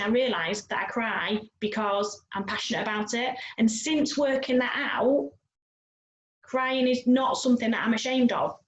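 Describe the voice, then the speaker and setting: A woman coach hosts an interview. She talks reflectively and at length in a slightly high voice. The room echoes, with a faint hum behind her. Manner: reflective, talkative, frequent "you know". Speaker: host and coach. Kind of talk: conversational interview.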